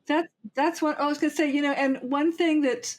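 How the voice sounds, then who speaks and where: A woman's voice: sits high, fairly even intonation, moderate pace. An older woman, a guest author on a podcast, telling rambling stories with quoted asides in casual conversation.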